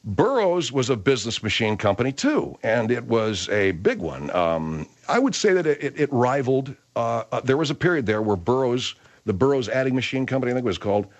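A man's voice: medium pitch, animated, brisk. A man hosting a comedy show, telling a rambling story with many asides. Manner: rambling, lots of fillers and restarts. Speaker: host.

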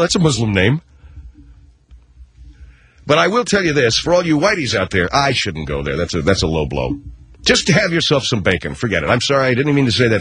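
A man putting on a famous golfer rambling through a mock ad, in a husky voice. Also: medium pitch, a bit bright. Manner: rambling, sheepishly backpedaling.

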